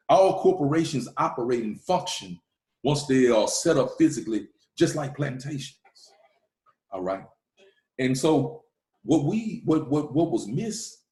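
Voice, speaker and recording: A man's voice: medium pitch, mellow. Emphatic man lecturing in an echoey room. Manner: emphatic, repeats "all right?" to the listeners. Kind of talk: preaching lecture.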